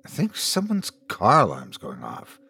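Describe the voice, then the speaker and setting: A man's voice: on the low side, wildly swooping pitch, unhurried, gravelly, breathy edge, exaggerated voice. A man doing a snippy, impatient young woman. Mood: irritated. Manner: sharp, complaining, dismissive.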